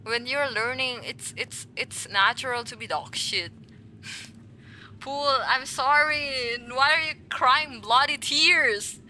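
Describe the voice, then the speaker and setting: A woman with a high voice and sharp tone speaks slowly while streaming a game. In a casual, playful way, she teases her viewers and talks back to chat. A little background noise can be heard.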